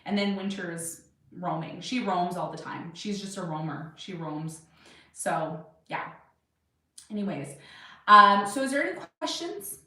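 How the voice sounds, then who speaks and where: A woman's voice: on the low side, animated, a little slow, bright, forceful tone, far from the mic. A woman in her thirties hosting an astrology livestream, talking casually and at length to her viewers with easy confidence. Her voice rings through a very echoey room. She sits a little back from the camera's microphone. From Jamaican, Irish and Serbian heritage. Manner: chatty and rambling, self-assured. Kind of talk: casual livestream chat answering viewer questions. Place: home desk with her cat on her lap. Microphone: webcam or camera at a desk.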